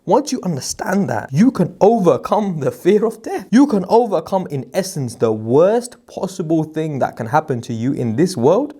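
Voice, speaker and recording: Young male vlogger, casual motivational delivery, slightly high voice. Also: very animated, moderate pace, few pauses, warm tone, husky. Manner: chatty, uses slang and Islamic phrases, motivational. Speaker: recruitment business vlogger. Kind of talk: casual motivational talk to camera.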